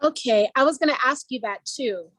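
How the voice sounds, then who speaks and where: Curious female learner, slightly high voice, dry call audio. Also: moderate pace, fairly bright tone, dry recording. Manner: curious, asks questions. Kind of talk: online language lesson. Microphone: video call.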